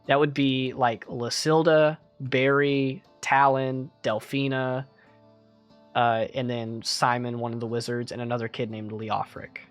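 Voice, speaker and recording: A man's voice: medium pitch, level tone, a little slow, faint music behind. A man narrating as game master of a tabletop game, in loose, casual speech with many fillers.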